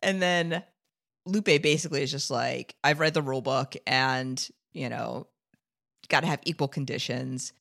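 A woman's voice: extremely low pitch, moderate pace, vocal fry. A woman co-hosting a podcast, recapping a TV episode in casual chat, laughing often and acting out the characters' lines. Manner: animated, laughing, acts out quotes. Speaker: podcast co-host.

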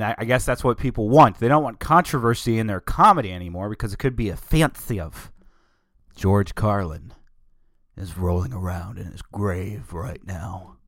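A man's voice: lowish voice, no room sound, studio quality. A man hosting a solo show, talking casually in a rambling, opinionated way with many digressions. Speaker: podcast host.

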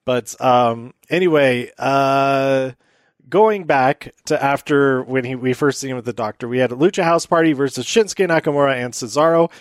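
A man's voice: mid-range voice, moderate pace, no echo, studio quality. A man hosting a casual solo recap, rambling with many fillers and laughing at his own jokes. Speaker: podcast host recapping wrestling.

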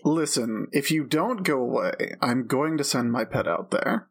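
A man running a tabletop game as game master, narrating with many pauses and fillers. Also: medium pitch, expressive, vocal fry, breathy edge. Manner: hesitant, filler-heavy narration.

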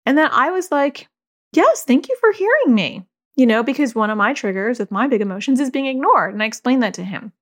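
A woman's voice: a little high, fast talker, few pauses. A middle-aged woman, a parenting coach, giving casual advice in a chatty way full of "like" and "you know".

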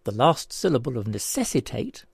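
A man presenting a scripted word puzzle, deliberately spelling out each step. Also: medium pitch, big pitch swings, vocal fry, slightly rough, no echo.

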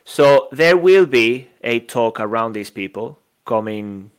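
Man, mid-pitched voice, earnest podcast host, casual chat. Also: expressive, slow, a little hiss or hum. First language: Spanish or Italian.

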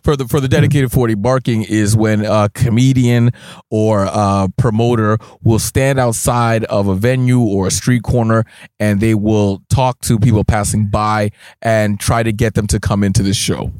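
Low-voiced male podcast host. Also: moderate pace, dry recording, clean studio sound. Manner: relaxed, explanatory, frequent listening murmurs. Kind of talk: casual interview chat.

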